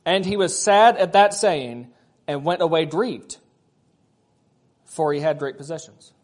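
A man's voice: on the high side, a little slow. A man preaching a sermon, conversational, with frequent rhetorical questions to the congregation. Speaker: pastor.

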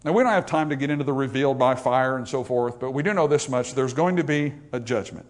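Talking fast in a mid-range voice, a man delivers an emphatic sermon and reads scripture in old-fashioned wording. He rises to loud, raised passages, then drops to quiet asides.

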